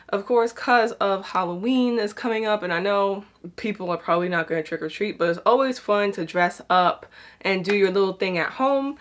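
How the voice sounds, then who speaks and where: A woman's voice: mid-range voice, normal speed. A young woman vlogging at home, chatting casually and laughing at herself as she talks through a do-it-yourself outfit project step by step. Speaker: DIY fashion vlogger. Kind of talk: casual crafting vlog.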